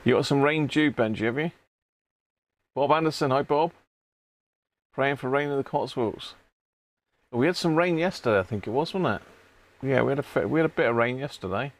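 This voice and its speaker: A chatty man with an everyday mid-pitched voice hosts a casual live stream from his home workshop. He greets viewers one by one and clears his throat now and then. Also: lively intonation, normal speed, pauses often.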